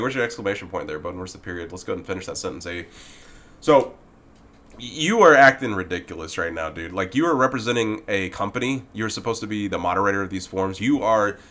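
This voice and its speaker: A man's voice: fairly low pitch, a bit bright. A man ranting in a video about a game's forum moderator, heated and exasperated, swearing often and addressing the moderator directly. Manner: talks directly to the person he criticizes. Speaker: gaming commentator.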